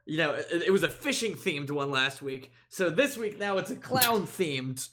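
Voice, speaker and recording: Man, podcast co-host, high voice, animated pitch, casual chat, meandering. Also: moderate pace, slight background noise. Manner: reminiscing, meandering with fillers.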